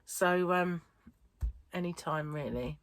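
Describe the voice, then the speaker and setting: Low-voiced tired woman chatting. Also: slow pace. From United Kingdom. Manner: rambling, chatty, self-interrupting. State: tired, wheezy chest. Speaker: crochet vlogger. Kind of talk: casual chat vlog.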